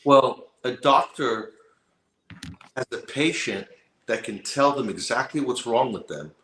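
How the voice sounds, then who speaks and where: A man speaks as a podcast guest and argues his points with firm emphasis. His voice has a medium pitch. It is picked up in a noticeably roomy, echoing space. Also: animated, unhurried, fairly bright tone, slight background noise. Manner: opinionated, emphatic. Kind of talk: casual podcast conversation.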